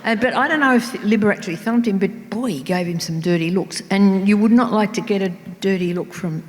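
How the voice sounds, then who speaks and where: An older Australian woman, an author, chatting on stage and telling anecdotes that trail into soft asides. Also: mid-range voice, fairly quick. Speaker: author guest. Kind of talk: casual on-stage conversation. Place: large town hall ballroom. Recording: long reverb of a large hall.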